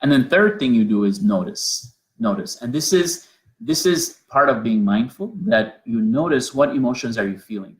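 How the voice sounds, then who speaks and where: A man gives an earnest mindfulness lesson, walking through each step. He often restarts his sentences and repeats key phrases as he explains. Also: medium pitch. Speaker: teacher.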